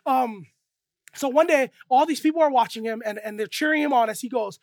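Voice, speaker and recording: A preacher giving a lively, conversational sermon to a young crowd. The preacher often checks in with the listeners and drops soft and low to stress the key points. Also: a little fast, dry recording.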